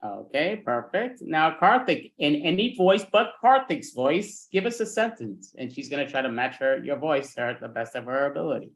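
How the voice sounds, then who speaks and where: An improv host running an online improv game, briskly calling on players by name. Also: medium pitch, animated.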